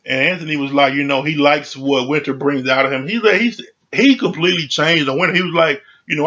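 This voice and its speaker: A man's voice: fairly high pitch, quick pace, hardly any pauses, sharp tone, lo-fi sound. A man giving a casual, conversational recap of a reality show, full of "you know" and "like".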